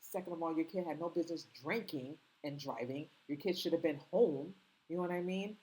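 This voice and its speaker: Hosting her own commentary channel, a woman with a slight foreign accent offers casual opinions, rambling earnestly with many ums and restarts. Her low, darkish voice is slightly rough and a little fast, and the audio quality is poor.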